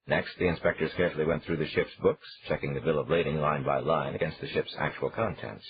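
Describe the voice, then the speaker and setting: A man narrating a crime thriller audiobook in steady, lively storytelling. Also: very deep voice, quick pace, slightly rough. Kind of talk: scripted narration. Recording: dull lo-fi audio.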